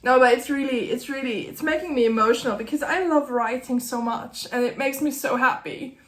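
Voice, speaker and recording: A woman in her late thirties, an author giving a candid personal update to camera, halting and apologetic, often breaking off mid-sentence and laughing through tears. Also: sits high, roomy sound. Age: late 30s. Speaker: author vlogger. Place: at her desk, in a roomy room.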